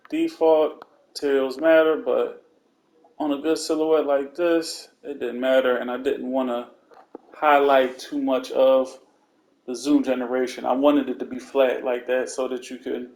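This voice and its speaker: A man giving a casual, slangy voice-over, calmly walking through steps one by one. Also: medium pitch, creaky, a little hiss or hum. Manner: relaxed, laid-back step-by-step instructions; slangy, conversational asides. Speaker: video game content creator.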